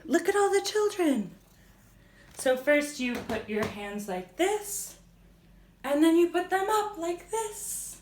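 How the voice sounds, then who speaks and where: A woman's voice: sits high, big pitch swings, slow pace. A woman reading a children's picture book aloud and leading simple yoga poses, playful, with animal sounds. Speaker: children's storytime host. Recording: roomy echo.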